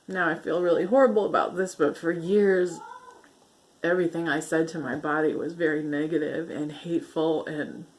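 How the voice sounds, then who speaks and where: A woman talking earnestly to her camera in a personal vlog, halting and soft, getting emotional and laughing gently through it. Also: sits low, steady tone. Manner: soft, halting delivery with fillers and repeats. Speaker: vlogger sharing her healing story. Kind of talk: heartfelt personal vlog talk.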